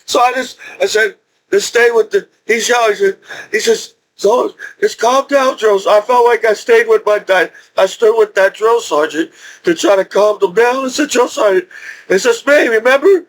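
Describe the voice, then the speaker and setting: A man's voice: high voice, normal speed. A middle-aged man telling a rambling story about his own past, with many restarts and laughs. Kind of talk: casual storytelling.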